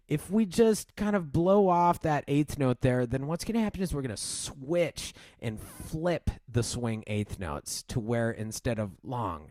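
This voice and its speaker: A man's voice: medium pitch, very animated, measured pace, hardly any pauses, no echo. A man teaching piano, explaining a piece and counting the swing rhythm aloud as he plays. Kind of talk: piano tutorial. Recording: loud piano music behind. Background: piano playing.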